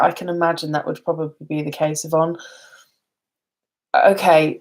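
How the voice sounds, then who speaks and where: A woman's voice: fairly low pitch, a little mellow. A tired woman chatting casually on a live stream, rambling and laughing often. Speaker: beauty vlogger.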